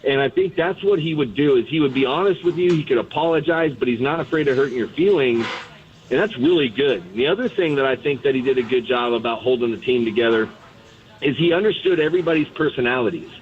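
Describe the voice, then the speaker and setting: A former pitcher, guest on a casual sports radio show, speaks over a tinny phone line in a medium-pitched voice at a quick pace. He retells his story bluntly, candidly, and with animation.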